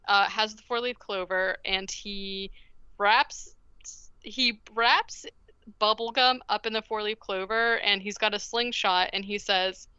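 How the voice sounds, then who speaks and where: Gal on a podcast retelling a movie, bright clear voice, bit of gravel, dry lo-fi sound. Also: female voice, medium pitch, dry recording. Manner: animated storytelling, acting out characters' lines. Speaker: podcast co-host. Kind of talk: casual chat, recapping a film.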